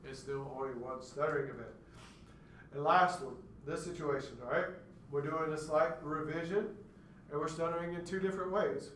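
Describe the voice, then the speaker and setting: A man's voice: on the high side, normal speed, fairly bright tone, a little hiss or hum. A man giving a classroom lecture, explaining step by step and acting out stuttered words to demonstrate. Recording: echoey room, mic far off.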